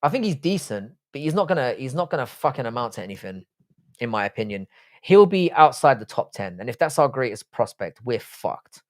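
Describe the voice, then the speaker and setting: A Cork man hosts a livestream, reading out viewer questions and answering them bluntly with plenty of swearing, bouncing between jokes and asides. His medium-pitched voice swings widely in pitch, and he talks a little fast.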